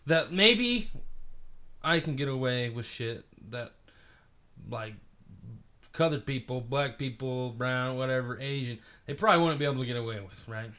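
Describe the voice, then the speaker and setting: A man's voice: medium pitch, moderate pace, sharp tone. A man in his twenties from Oregon, co-hosting a crude comedy podcast with lots of laughing and swearing. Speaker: podcast co-host. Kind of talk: casual crude comedy chat.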